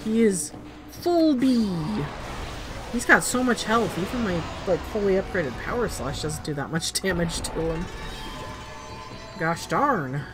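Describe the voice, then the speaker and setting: A woman's voice: lowish voice, a little slow, over music. A woman streamer giving chatty, amused commentary while playing a game.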